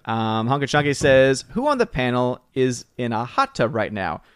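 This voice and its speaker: A man's voice: mid-range voice, very animated, moderate pace, clean tone, no echo, studio quality. A man hosting a casual live stream, greeting viewers by name and reading chat comments. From southern United States. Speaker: livestream host.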